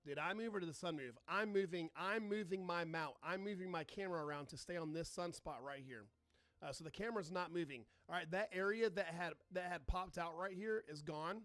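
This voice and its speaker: A man's voice: sits high, a little fast, a bit bright, dry recording. A man hosting a live astronomy stream, chatting casually, swearing and reading out and answering viewer comments, sarcastic toward trolls. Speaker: astronomy livestream host.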